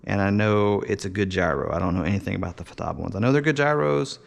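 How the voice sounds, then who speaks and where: A man's voice: fairly low pitch, quick pace, vocal fry. A man casually showing and explaining his model build in a workshop, talking in a loose, rambling way with many fillers and restarts. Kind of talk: casual workshop show-and-tell.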